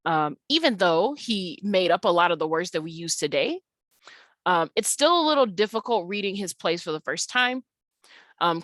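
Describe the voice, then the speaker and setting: Low-voiced woman teacher, casual and halting. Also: fairly bright tone, no room sound. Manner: casual explaining with many fillers and restarts. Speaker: English teacher. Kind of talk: recorded slide-by-slide tutorial.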